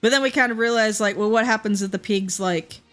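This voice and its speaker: A woman's voice: medium pitch, a little fast, a bit bright, faint music behind. Chatty Queensland Australian woman streamer. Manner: chatty, rambling, laughs often, many fillers. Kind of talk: casual gameplay chat.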